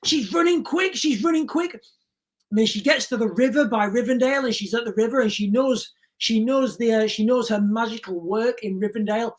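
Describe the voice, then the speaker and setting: Woman, livestream host, rambling, repetitive, earnest, fairly high voice. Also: fairly even intonation, normal speed. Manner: rambling, repeats phrases, keeps calling the viewers guys; emotional and earnest, choking up. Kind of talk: casual livestream chat.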